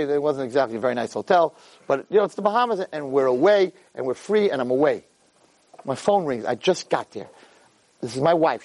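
A man giving a Torah lecture as an animated personal story, acting out the dialogue. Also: no room sound. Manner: animated, acts out dialogue with big swings in pitch.

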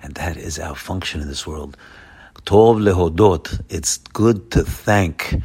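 Slow and slightly rough-voiced, a man gives a Torah lesson as a rabbi. He's emphatic, swinging from loud exclamations to low murmurs and repeating words to stress them.

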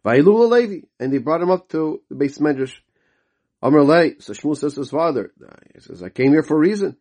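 A man's voice: on the high side, lively intonation, a little fast, darkish tone. A man giving a daily Talmud lesson, reading the Aramaic text aloud and explaining each phrase in English, often repeating and restarting words as he goes. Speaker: Talmud teacher.

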